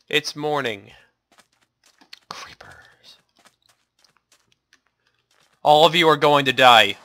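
A man hosting a casual game playthrough, muttering to himself and then breaking into yelps and shouts. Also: a little high, lively intonation, takes it slowly, pauses often. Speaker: gaming channel host. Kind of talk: casual let's play commentary.

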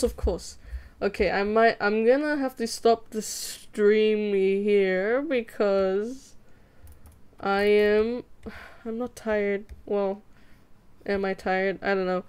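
Drawing at home, this young Australian livestreamer keeps up casual, giggly chatter with her viewers. She speaks at a medium pitch in a smooth, darkish voice. Faint music plays behind her desk mic.

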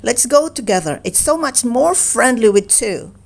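A woman's voice: fairly high pitch, animated, moderate pace, vocal fry. A woman voicing a timid, anxious little male piglet who stammers and frets in a read-aloud storybook. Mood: worried. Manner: stammering, fretful.

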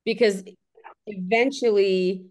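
A woman for whom English is a second language hosts a relaxed podcast conversation. She tells her stories with animation and lets the swear words fly. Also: medium pitch, slow. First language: not English. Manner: animated storyteller, swears freely. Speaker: host. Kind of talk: casual podcast chat.

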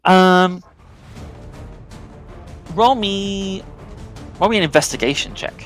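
A man's voice: high voice, takes it slowly, faint music behind, poor audio. Man running a tabletop game. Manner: relaxed, descriptive narration with frequent fillers. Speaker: game master.

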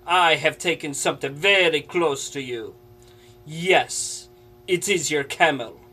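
A man delivering a deadpan comic monologue, slow and deliberate with pauses for effect. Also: on the high side, slightly rough. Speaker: comedian.

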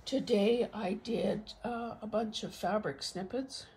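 A hoarse woman with a croaky voice talks slowly and haltingly, showing off her crafts in a casual vlog. She keeps clearing her throat, and faint traffic hums in the background. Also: mid-range voice, darkish tone. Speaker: craft channel host. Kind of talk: casual show-and-tell vlog. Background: faint traffic noise.

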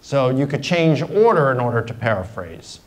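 A man's voice: mid-range voice, big pitch swings, moderate pace, poor audio. A middle-aged man giving a university guest lecture in a conversational way, explaining points through simple examples. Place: lecture hall.

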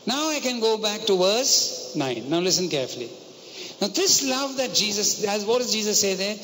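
A man's voice: sits high, lively intonation, normal speed, sharp tone. Man preaching a sermon, asks the crowd questions, long hall echo, bit of hiss. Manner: earnest storytelling, rhetorical questions to the congregation. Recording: long hall reverb, faint noise.

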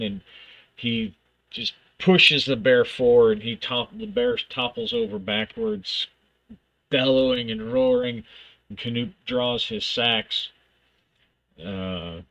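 A man's voice: mid-range voice, gravelly, pushed and bright, lo-fi sound. A man thinking aloud as he plays a solo tabletop game, reading rules aloud and narrating the action in bursts.

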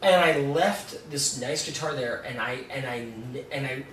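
A man's voice: mid-range voice, unhurried, fairly bright tone. A young man telling a rambling, profane story about a gig in a casual chat. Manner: rambling, swearing, laughing storyteller. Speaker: guest songwriter. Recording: roomy, distant mic with faint noise.

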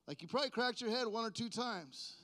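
Joking, high-voiced man preaching. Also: expressive, fairly quick. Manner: casual, joking, swings between quiet asides and loud emphatic peaks. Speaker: pastor. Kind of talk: sermon. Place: church sanctuary.

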